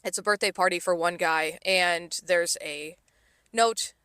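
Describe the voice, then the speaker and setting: Bright, crisp-voiced woman telling work stories. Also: lowish voice, unhurried, no echo. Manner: swearing, animated retelling with quoted voices. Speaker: podcast co-host, server. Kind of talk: casual storytelling chat.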